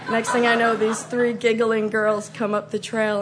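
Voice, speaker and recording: A woman telling a comic story, acting out scenes with loud shrieks and mock voices. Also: a little high, little pitch movement, moderate pace, few pauses, background noise.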